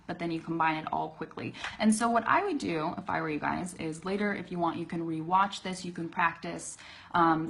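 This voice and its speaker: A woman teaching English pronunciation in a casual live-streamed lesson, talking straight to viewers and slowing down to demonstrate sounds. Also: on the low side, a bit bright. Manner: talks to viewers directly, demonstrates sounds slowly, laughs easily. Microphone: phone or webcam for a live video stream.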